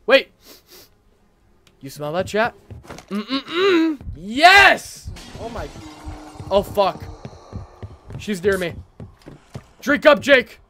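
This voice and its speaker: Very high-pitched yelling male streamer. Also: animated, takes it slowly, long pauses. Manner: frantic, profane, yelling reactions. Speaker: streamer playing a horror game. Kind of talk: live gameplay commentary to chat.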